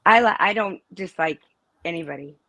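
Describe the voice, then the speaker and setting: A middle-aged mother appears as a guest in a casual live interview, talking at a moderate pace in a lowish, somewhat bright voice. Her speech is rambling and emphatic, trailing off and restarting, with no echo.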